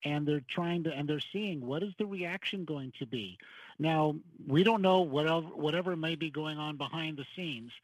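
A man speaking as a radio guest on politics, measured and slightly hesitant. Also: on the high side, no room sound, rough recording.

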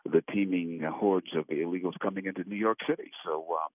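A man calling in as a regular commentator on a political talk radio show, speaking haltingly with frequent fillers. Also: low-pitched, fairly even intonation, no echo. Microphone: telephone. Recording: tinny phone line.

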